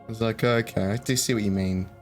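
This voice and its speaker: A man's voice: on the low side, fairly even intonation, fast talker, darkish tone. A man hosting a casual live chat, rambling and hesitant, with lots of fillers and restarts. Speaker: livestream host. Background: faint background music.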